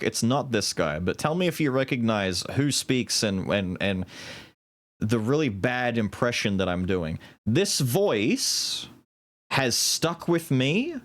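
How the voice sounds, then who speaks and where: Animated swearing male streamer. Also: medium pitch. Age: 30s. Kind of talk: casual gaming commentary.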